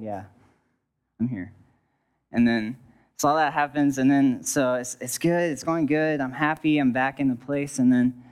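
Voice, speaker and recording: A man's voice: medium pitch, clear, resonant tone. Young man telling a rambling story. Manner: rambling, restarts, jokes aside to the audience. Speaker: speaker sharing a testimony. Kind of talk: personal story, self-deprecating asides.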